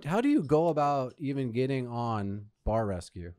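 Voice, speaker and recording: A male podcast host with an animated, lively delivery asks questions in relaxed chat. He chimes in often with quick reactions. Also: mid-range voice, a crowd in the background. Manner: relaxed, interjecting with short reactions. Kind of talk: casual chat.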